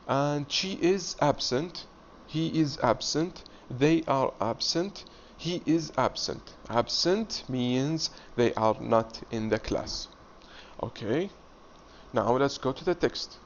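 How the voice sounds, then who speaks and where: A man teaching an English reading lesson, explaining slowly and repeating himself step by step. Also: medium pitch, expressive. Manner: slow, repetitive, explaining step by step. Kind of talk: classroom video lesson. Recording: dull lo-fi audio with faint hiss.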